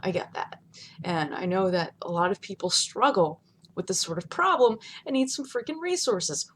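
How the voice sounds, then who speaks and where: A woman vlogging from home in a casual, chatty rant, laughing often and swinging between loud outbursts and hushed asides. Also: mid-range voice, animated, moderate pace, a little hiss or hum. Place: home, not in her studio.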